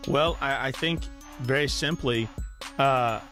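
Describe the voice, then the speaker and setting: A man's voice: medium pitch, takes it slowly, fairly bright tone, faint music behind. A man co-hosting a radio talk show, emphatically encouraging listeners and repeating his points for weight. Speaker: co-host. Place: radio studio.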